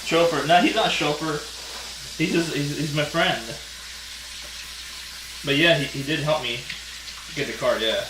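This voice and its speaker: A man's voice: fairly high pitch, unhurried, long pauses, background noise. A man hosting a casual cooking livestream, chatting and laughing with viewers while he cooks. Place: home kitchen. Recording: echoey kitchen, mic far off. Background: food frying and sizzling.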